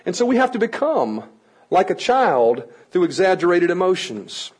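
A man teaching a room of adults how to work with children, energetic and playful, coaxing the audience to join in. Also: high-pitched, moderate pace, husky, poor audio. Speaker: children's ministry trainer. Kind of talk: lively teaching talk to an audience.

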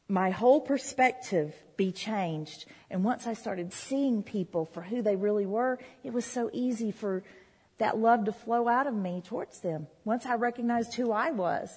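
A woman's voice: medium pitch, a little mellow, breathy edge. A woman preaching a sermon in a church, talking conversationally with the congregation. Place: church hall. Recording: reverberant hall.

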